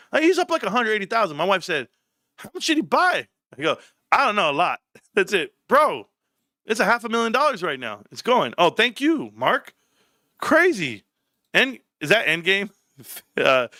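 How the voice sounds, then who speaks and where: Brief: middle-aged male streamer, animated storyteller who acts out voices, bright tone, dry sound. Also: no echo. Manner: animated storyteller, acts out quotes with big pitch jumps; laughs often, says bro a lot. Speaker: livestream host. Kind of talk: casual livestream chat.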